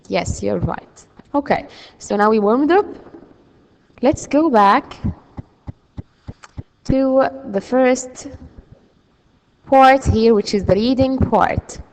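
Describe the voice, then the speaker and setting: Slow-speaking woman teaching a class. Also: fairly high pitch, darkish tone, a little hiss or hum, rough recording. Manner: slow, explaining patiently with many fillers. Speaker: English teacher. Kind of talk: classroom lesson.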